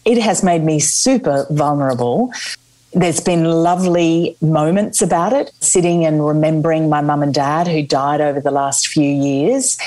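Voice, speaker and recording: A middle-aged woman, a memoir author, telling her story candidly in an interview, slowing down for emphasis. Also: low-pitched, low-quality recording. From Australia. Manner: candid, expressive, slows for emphasis.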